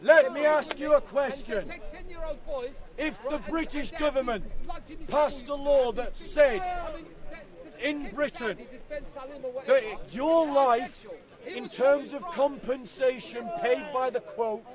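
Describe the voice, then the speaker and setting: Outdoors in a city park with a crowd around him and their chatter in the background, a street preacher gives an open-air debate speech. His voice is extremely high, and he takes it slowly with frequent pauses, declaiming and repeating himself over hecklers.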